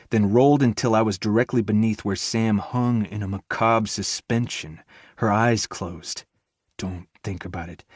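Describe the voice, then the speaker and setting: A male audiobook narrator with a fairly low voice, reading in the first person with tense intensity. The sound is close and dry, with no room echo. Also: darkish tone, slightly rough.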